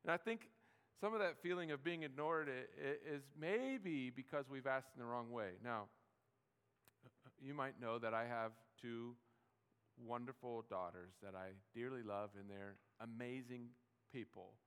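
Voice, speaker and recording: A man's voice: mid-range voice, measured pace, a bit bright, clean tone. Man, middle-aged, pastor, sermon, conversational, rhetorical questions, reverberant church hall.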